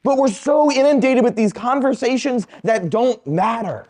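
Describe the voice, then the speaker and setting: Priest, male, delivering a homily; storyteller who swoops through his pitch and does the voices of the people in his anecdotes. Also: moderate pace. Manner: animated storytelling, acting out quoted people. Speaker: Catholic priest.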